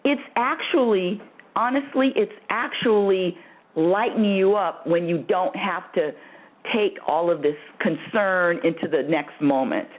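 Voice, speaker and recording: A woman hosting a call-in radio show, repeating her points for emphasis and calling the caller honey. Her voice swoops up high when she stresses a point, and she laughs often. The sound is narrow and phone-like. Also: a little slow. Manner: emphatic and repetitive, calls the caller honey and dear. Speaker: radio host answering callers. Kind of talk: spiritual advice call-in show.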